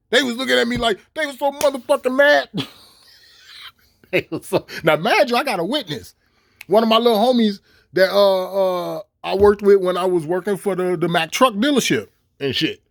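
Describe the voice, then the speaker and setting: Middle-aged man with a high, dry voice; cussing, stop-start vlog rant. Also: moderate pace, gravelly, no room sound. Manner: animated and swearing, with laughs and repeated stammered restarts. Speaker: vlogger. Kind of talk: profane ranting monologue.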